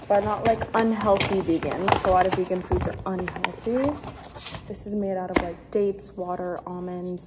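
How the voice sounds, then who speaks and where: A woman's voice: mid-range voice, noisy background. A young woman narrating her day in a casual vlog, chatty and full of filler words. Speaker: vlogger, dance studio owner.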